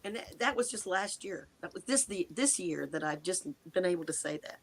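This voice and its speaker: An older American woman tells her own story as an interview guest. She speaks in a halting, earnest way, restarting sentences and rushing or slowing as she goes. Her mouth is dry, and it catches on her words. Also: lowish voice, animated. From United States. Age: 60s. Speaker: guest recounting a personal encounter. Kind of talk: emotional first-person storytelling.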